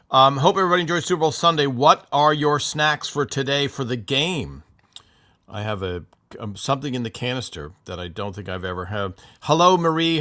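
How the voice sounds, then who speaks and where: A man's voice: mid-range voice, bright, forceful tone. A man hosting a casual livestream, greeting viewers and reading their comments in a rambling, chatty way with many fillers. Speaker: livestream host.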